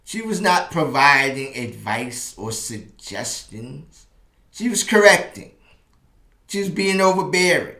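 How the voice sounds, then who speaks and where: A man in his fifties tells a personal dating story as a relationship advice host. His voice is bright and sharp, and his manner moves between animated storytelling and slower, heartfelt reflection. The recording has a roomy echo. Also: on the high side. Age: 50s. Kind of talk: personal storytelling monologue to camera.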